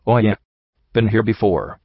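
A man voicing a tough, battered young female pony mercenary who talks gruffly and bluntly, with a lot of swearing. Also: on the low side, normal speed, dry recording. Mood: wry. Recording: dull lo-fi recording.

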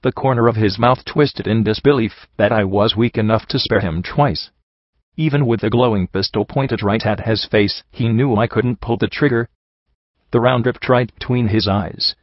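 Man reading a dark story, introspective, kinda muffled dull audio. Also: fairly low pitch, no echo. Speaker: audiobook narrator. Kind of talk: first-person story narration.

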